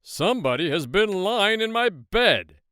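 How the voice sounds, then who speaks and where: A man voicing a big, gruff father bear in a storybook reading, booming and raised. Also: big pitch swings, unhurried, pushed and bright, no room sound, clean studio sound, heavily acted. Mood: indignant.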